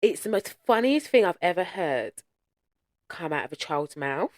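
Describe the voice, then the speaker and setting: A woman co-hosting a podcast in casual chat, a lively storyteller who swears freely and laughs often. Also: lowish voice, normal speed, dry recording, clean studio sound. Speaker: podcast co-host.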